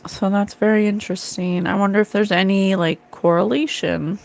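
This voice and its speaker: Speaking with vocal fry at a moderate pace, a middle-aged psychic medium gives a live-stream card reading in casual talk. Her medium-pitched voice holds a steady tone while she addresses her viewers earnestly and emotionally.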